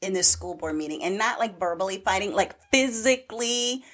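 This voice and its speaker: Woman, podcast co-host, casual and animated recap, mid-pitched. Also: a little fast. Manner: chatty, animated retelling with acted-out quotes. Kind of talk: casual chat recapping a TV show.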